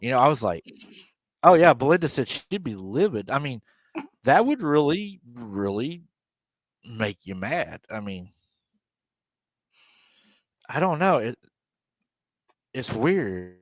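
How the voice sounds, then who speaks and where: A man's voice: mid-range voice, very animated, slow, pauses often, no echo. A man hosting a live show, casually retelling a story with quoted dialogue and laughing often. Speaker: podcast host.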